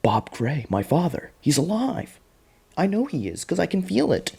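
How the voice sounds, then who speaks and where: A man doing a high gushing devoted woman. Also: huge pitch swings, moderate pace, gravelly, dark tone, slightly rough, exaggerated voice. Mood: yearning. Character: deluded woman longing for her father.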